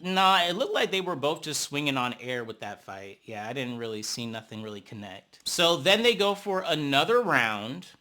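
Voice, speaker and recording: A man giving a sassy, excitable recap of a reality show episode, gasping and cheering at the fights and calling people "honey". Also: mid-range voice, normal speed, few pauses. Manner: breaks into gasps and cheers at fights. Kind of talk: casual episode recap commentary.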